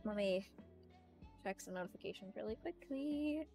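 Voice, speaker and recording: A woman's voice: medium pitch, lively intonation, moderate pace, creaky, warm tone, soft background music. A young woman chatting casually and rambling while streaming a video game, laughing often. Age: young adult. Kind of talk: casual gaming stream chat.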